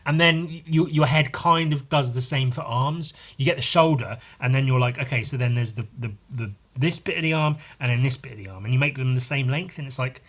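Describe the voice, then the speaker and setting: A man's voice: mid-range voice, a little fast, hardly any pauses, a bit bright. A young British man hosting a casual solo podcast, rambling and sarcastic, swearing often and jumping up into silly voices. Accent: British English. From Britain. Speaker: podcast host.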